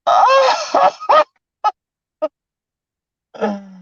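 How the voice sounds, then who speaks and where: A man's voice: extremely high pitch, huge pitch swings, drawn-out words, a bit bright, no room sound. A man hosting a casual podcast chat, laughing often and cursing freely. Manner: laughs often, loose and profane. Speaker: host. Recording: dull, dry lo-fi recording.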